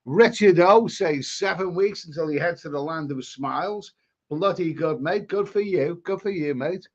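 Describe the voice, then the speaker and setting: A man's voice: a little high, normal speed, muffled recording. A man with a Scouse accent hosting a live stream, chatting casually and rambling through viewer comments with many restarts. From England.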